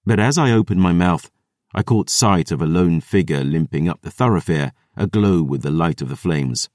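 A man narrating an audiobook in the first person, with a gruff, sardonic, measured delivery. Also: sits low, expressive, darkish tone, no echo, clean studio sound.

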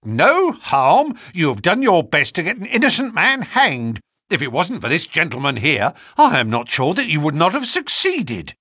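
Gruff blunt inspector, punchy and lively, bright tone, man putting it on. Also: a little high, moderate pace, hardly any pauses, no echo, studio quality, voice pushed up, exaggerated voice. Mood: angry. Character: brusque adult male police inspector.

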